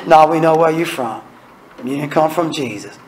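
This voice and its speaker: A man preaching an evening sermon with a Southern US accent, swinging between low murmurs and emphatic high exclamations. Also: normal speed, darkish tone, slight background noise, low-quality recording. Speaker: minister.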